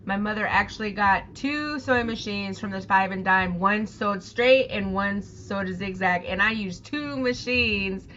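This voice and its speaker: A woman's voice: medium pitch, unhurried, hardly any pauses, bright, forceful tone, muffled recording. A woman in casual podcast chat, plainspoken and matter-of-fact about her sewing.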